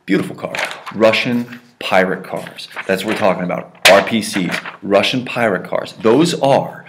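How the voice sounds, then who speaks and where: Jokey low-voiced male Spanish teacher. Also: normal speed, background noise. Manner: playful, jokey, checks in with "right?" and "okay?" constantly. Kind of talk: recorded classroom lesson.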